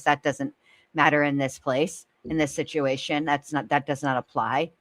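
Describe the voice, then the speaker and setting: A woman's voice: deep voice, steady tone, moderate pace, a bit bright. A woman co-hosting a casual commentary chat, pleading earnestly and reading aloud with blunt asides. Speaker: co-host.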